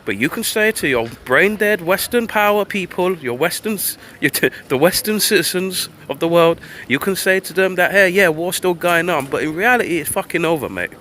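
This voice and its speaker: A man's voice: high-pitched, animated, normal speed, few pauses, bright, forceful tone, pitched above the performer's own voice. A man voicing a blunt, mocking male Russian official who talks in a coarse, taunting way. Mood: gloating.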